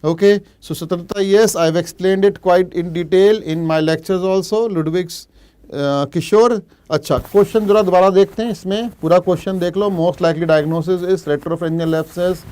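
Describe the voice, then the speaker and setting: A middle-aged man with an Indian English accent, teaching a live online revision lecture for a medical exam. He walks through case questions, reacts to viewers' answers from the chat, and switches into Hindi for quick asides. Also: high voice, steady tone, warm tone. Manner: explains cases while reading out viewers' chat answers.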